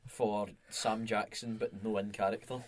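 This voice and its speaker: A man's voice: on the low side, flat delivery, moderate pace, background noise. A young Scottish man co-hosting a podcast, talking bluntly and swearing in casual chat. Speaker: podcast co-host.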